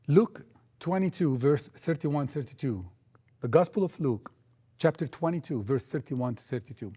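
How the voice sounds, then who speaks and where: A man preaching a sermon, emphatic, often repeating key phrases and sometimes halting and restarting. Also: fairly high pitch, lively intonation, dark tone, slightly rough.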